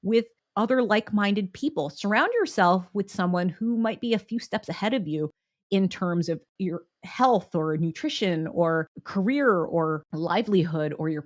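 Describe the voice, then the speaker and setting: Host: young American woman, low-ish voice, upbeat and encouraging, close dry recording. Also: dry recording. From United States. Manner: upbeat, chatty, encouraging, breaks into laughs. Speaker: podcast host. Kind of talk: solo motivational podcast talk.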